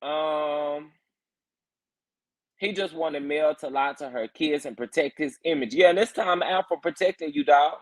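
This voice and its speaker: A man hosting a casual morning chat, reacting to viewer comments and getting emphatic and loud when worked up. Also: on the high side, unhurried. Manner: animated, emphatic, rising to loud protest when fired up. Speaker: reality TV commentary host.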